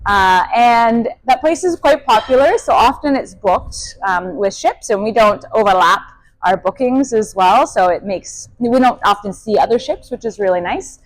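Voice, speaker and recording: A woman's voice: on the high side, expressive, normal speed, no room sound, low-quality recording. Chatty woman, very dry sound. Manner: friendly, chatty, laughs often, many fillers. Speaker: kayak guide on expedition ship. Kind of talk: casual interview answers.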